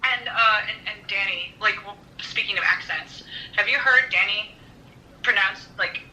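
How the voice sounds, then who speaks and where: A woman from Minnesota chatting as a guest over a video call, telling animated stories and laughing often. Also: mid-range voice, unhurried, poor audio. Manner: animated storyteller, frequent laughter. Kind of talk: casual chat.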